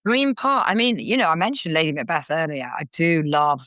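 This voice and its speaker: A woman comedian and actor chatting as a guest in an interview, lively and quick to slip into character voices. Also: low voice, no room sound. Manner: animated, slips into character voices. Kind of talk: casual interview chat.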